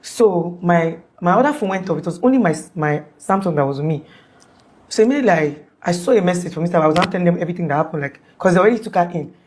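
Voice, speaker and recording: Fast-talking woman recounting events. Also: fairly low pitch, animated, a little mellow. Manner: fast, breathless storytelling with many restarts and quoted dialogue. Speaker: eyewitness storyteller. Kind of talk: conversational retelling of events.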